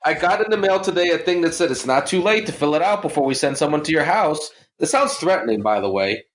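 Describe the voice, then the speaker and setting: A man's voice: a little high, expressive, fast, reverberant. A man co-hosting a casual podcast chat with wry, joking asides. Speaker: podcast co-host.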